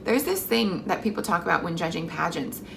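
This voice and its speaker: A woman's voice: fairly low pitch, expressive, a little fast, gravelly, noisy background. A young woman vlogging to camera in a chatty, effusive way, full of fillers. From Mexican heritage. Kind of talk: casual chat to camera.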